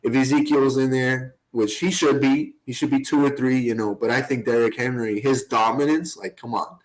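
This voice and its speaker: A man's voice: medium pitch, fairly even intonation, normal speed, low-quality recording. A man co-hosting a podcast, talking sports in a rambling, casual way with many fillers. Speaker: podcast co-host.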